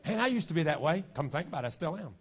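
A pastor in his fifties delivers a folksy, joking sermon in a fairly high voice. He drops to quiet asides, then builds up to shouting. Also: very animated, rapid-fire. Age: 50s.

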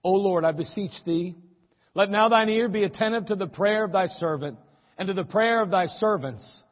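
A man's voice: high voice, normal speed, big-room sound, muffled recording. A male pastor giving a sermon, telling a folksy story and reading scripture aloud in an archived church recording. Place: church sanctuary.

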